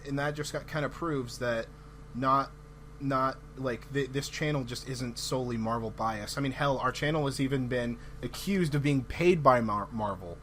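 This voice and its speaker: A man's voice: mid-range voice, moderate pace, a bit bright, a little hiss or hum. A man hosting a casual podcast, talking earnestly with lots of fillers and restarts. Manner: hedging, filler-heavy, earnest. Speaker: podcast host.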